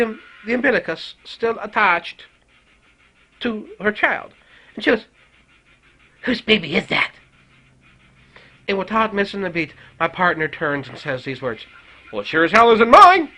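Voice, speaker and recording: An Irish man rants his way through a story in a high, bright voice that leaps all over the place. He swears constantly and talks with a paramedic's blunt, animated energy. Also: low-quality recording. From Ireland. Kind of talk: profane storytelling rant.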